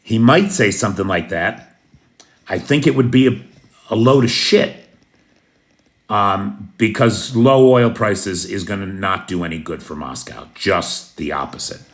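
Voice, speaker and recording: A man's voice: lowish voice, a little slow. A middle-aged American man giving blunt, opinionated news commentary full of rhetorical questions. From United States.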